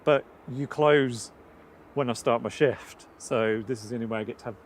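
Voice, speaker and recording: A man's voice: mid-range voice, normal speed, a little hiss or hum. A man co-hosting a plane spotting live stream outdoors, chatting casually and telling rambling stories. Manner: easygoing, rambling storyteller. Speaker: plane spotting livestream co-host. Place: outdoors at an airport.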